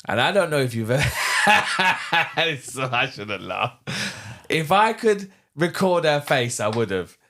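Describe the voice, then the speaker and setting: This podcast guest, a middle-aged man from London, talks at a normal speed in a mid-range voice. His candid retelling of a personal story is animated and vivid, with the dialogue acted out.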